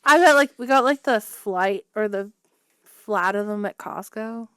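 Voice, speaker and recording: A woman co-hosting a podcast in casual chat, talking quickly and trailing off mid-sentence. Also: mid-range voice, clean tone, no echo. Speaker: podcast co-host.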